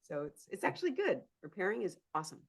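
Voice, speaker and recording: A woman's voice: medium pitch, fast, breathy edge. A woman, a psychotherapist turning to coaching, talking animatedly as a podcast guest. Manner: animated, acts out inner voices and laughs often. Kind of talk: conversational interview.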